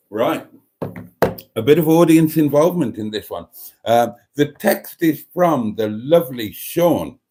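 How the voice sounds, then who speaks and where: A man's voice: on the high side, expressive, slow pace, long pauses, warm tone. A man hosting a casual live stream, rambling through a story and reading out viewer comments.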